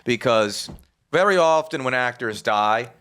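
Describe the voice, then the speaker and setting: A man co-hosting a podcast, chatting casually and throwing in a curse here and there. His pitch rises and falls a lot, which makes him sound animated. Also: a little slow, clean tone. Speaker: podcast co-host. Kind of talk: casual chat.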